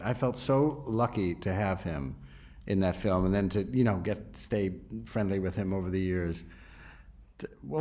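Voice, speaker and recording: A man's voice: sits low, a little mellow. A man being interviewed on stage at a live event, telling self-deprecating anecdotes and laughing through them. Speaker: actor and director guest at a festival talk.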